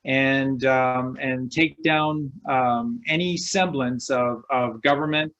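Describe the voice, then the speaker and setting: A man's voice: mid-range voice, steady tone, slow, fairly bright tone. A man, a guest on a video call, speaking in an emphatic, rallying way and repeating phrases for stress. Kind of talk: casual chat. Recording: dull lo-fi sound.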